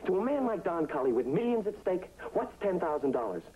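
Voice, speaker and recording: An eager boastful ex-waiter husband. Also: male voice, high-pitched, brisk, a little hiss or hum. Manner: excited, wheedling, repeats "I mean". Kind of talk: 1960s TV drama acting. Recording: tinny old TV soundtrack.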